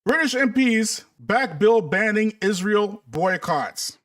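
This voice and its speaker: High-voiced sarcastic male commentator. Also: lively intonation, slow pace, fairly bright tone, far from the mic. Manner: sarcastic, mocking, conversational. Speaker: political commentator. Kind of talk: commentary stream to viewers.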